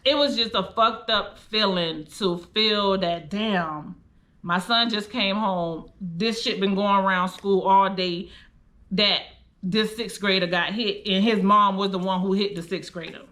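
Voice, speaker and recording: Bright-voiced woman telling a raw story. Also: mid-range voice, measured pace. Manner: candid and blunt, heavy cursing, heartfelt. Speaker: vlogger telling a personal story. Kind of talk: emotional storytime monologue.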